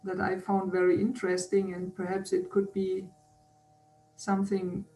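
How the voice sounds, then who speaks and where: A woman interviewer who speaks gently and hesitantly, with many false starts. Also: medium pitch, monotone, normal speed, faint music behind. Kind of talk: casual interview conversation. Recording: roomy, distant from the mic.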